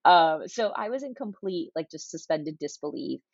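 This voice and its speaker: A woman in her forties with a low, husky voice, talking in a chatty, animated interview. Her sound is dry and a little dull and muffled. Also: normal speed, dry recording. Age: 40s. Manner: chatty, animated storytelling with many fillers. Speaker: guest. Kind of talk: casual conversational interview.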